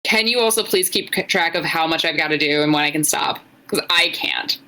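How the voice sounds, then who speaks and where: A woman co-hosting a podcast in casual chat, a bit tipsy, chatty and quick to laugh at herself. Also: sits low, bright, forceful tone, low-quality recording. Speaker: podcast co-host.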